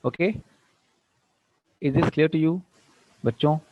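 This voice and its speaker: A man's voice: fairly high pitch, unhurried, dry recording. A man teaching English grammar to a class, quizzing the students and mixing in Hindi. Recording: dull dry classroom recording.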